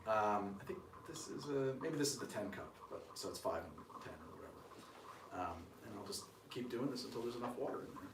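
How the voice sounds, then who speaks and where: A man's voice: lowish voice, expressive, a little fast, far from the mic, background noise. Rambling, joking man in a roomy space. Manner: rambling, self-deprecating, joking asides. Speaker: cocktail show host. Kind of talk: casual live-stream chat while making a drink.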